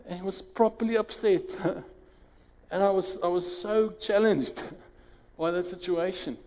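A man's voice: high-pitched, fairly even intonation, unhurried, dark tone, big-room sound, poor audio. A South African man preaching a sermon and leading prayer in a conversational way, restarting phrases and rising sharply when he quotes others.

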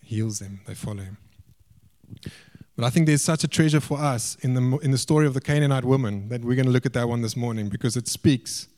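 A man preaching a sermon, swinging between raised, emphatic lines and quiet, hushed asides. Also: mid-range voice, fairly quick.

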